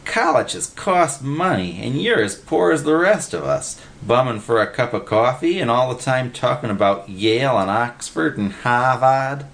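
A man's voice: mid-range voice, very animated, normal speed, vocal fry, few pauses, fairly bright tone, voice pushed up. A man voicing a whiny, gullible male park bum in a storybook reading. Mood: adoring. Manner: whining, gullible, slangy.

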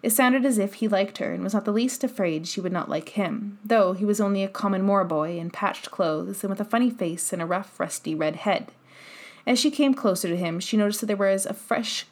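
A woman narrating a children's novel in calm, even storytelling. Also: medium pitch. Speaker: audiobook narrator. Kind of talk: scripted narration.

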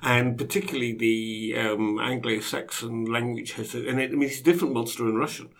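A man's voice: medium pitch, steady tone, fairly quick, creaky, fairly bright tone. A man in a book discussion, talking animatedly and often restarting his sentences. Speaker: guest.

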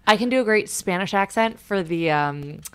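A woman co-hosting a podcast in casual chat, quick-witted and full of jokes. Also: mid-range voice, animated, fairly bright tone, clean tone. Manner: quick-witted, joking banter. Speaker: podcast co-host.

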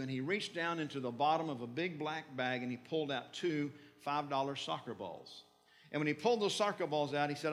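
A middle-aged man preaching, telling a mission story earnestly and slowing down for dramatic moments. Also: a little high, fairly bright tone. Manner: earnest, recounts dialogue with slowed dramatic emphasis. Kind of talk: sermon storytelling.

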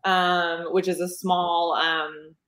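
A woman's voice: lowish voice, flat delivery, takes it slowly, a bit bright, roomy sound. A woman author chatting in an interview, rambling with lots of fillers and restarts. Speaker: romance author. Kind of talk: casual interview chat.

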